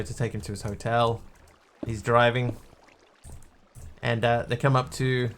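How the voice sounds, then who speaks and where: A man's voice: mid-range voice, gravelly, a bit bright, slight background noise. A man streaming a video game live, rambling, telling jokes and talking to his chat. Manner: rambling, joking, talks to chat.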